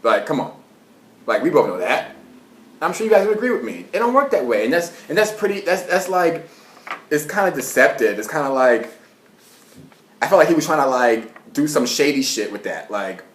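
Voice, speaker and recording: A young man tells a story in a casual monologue, animated and swearing, with quick rants and laughter. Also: fairly high pitch. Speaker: vlogger. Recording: roomy echo.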